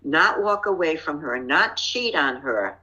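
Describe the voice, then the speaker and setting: A woman's voice: sits low, expressive, measured pace, pushed and bright. An older woman earnestly recounting a painful experience in an interview, rueful and matter-of-fact. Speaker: scam victim telling her story. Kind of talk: TV interview storytelling. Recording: dull lo-fi clip audio.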